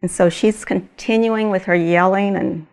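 A woman retelling a faith testimony in slow, deliberate storytelling, with small laughs. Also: medium pitch, fairly even intonation, darkish tone, clean tone.

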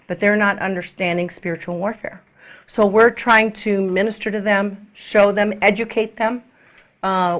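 A middle-aged woman minister preaching to a congregation in an animated way, acting out quoted people and sometimes dropping to a soft whisper. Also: mid-range voice.

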